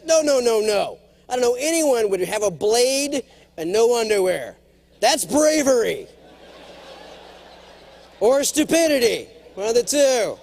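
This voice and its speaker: A middle-aged man giving a humorous motivational keynote speech to a large conference, jokey and animated, slipping now and then into character voices. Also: very high-pitched, unhurried, creaky, long pauses. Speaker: keynote speaker.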